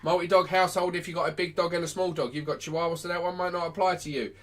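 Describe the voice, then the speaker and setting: A man's voice: high-pitched, steady tone, very fast. A man, a dog trainer giving blunt, sweary advice on a live stream.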